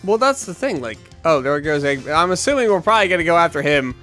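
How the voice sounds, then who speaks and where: A man with a fairly high voice chats casually while playing a video game and winds through a long, rambling anecdote. He acts out the voices of the people in his story, and faint game music runs underneath. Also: big pitch swings, fast talker, bright, forceful tone. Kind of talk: casual chat while gaming.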